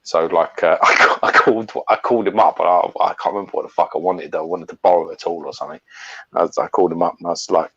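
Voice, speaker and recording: A middle-aged man with a very low, deep voice tells rambling anecdotes, swearing freely and laughing between lines. The sound is a little dull and lo-fi, like a home live stream. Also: fairly even intonation, fast, gravelly, fairly bright tone, husky. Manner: sweary, storytelling, laughs often. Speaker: co-host. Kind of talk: casual chat.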